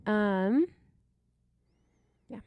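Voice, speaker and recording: A woman's voice: mid-range voice, lively intonation, very slow, clean tone, dry recording, phone-quality sound. A woman co-hosting a podcast speaks in easygoing casual chat, giving advice and wrapping up the episode. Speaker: podcast co-host.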